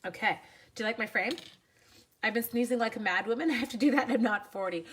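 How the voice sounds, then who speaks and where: A woman's voice: fairly high pitch, quick pace, fairly bright tone, slight background noise. A woman in her forties with the sniffles, chatting casually with viewers during a live crafting demo at home, self-deprecating and talkative. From Canada. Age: 40s. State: sniffly from sneezing. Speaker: crafting livestream host.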